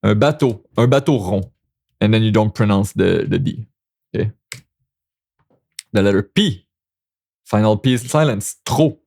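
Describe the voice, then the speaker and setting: Slow, gravelly Québécois man teaching. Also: lowish voice, darkish tone. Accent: Québécois French. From Quebec. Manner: patient, repeats example words, encouraging. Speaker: French teacher. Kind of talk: casual language lesson.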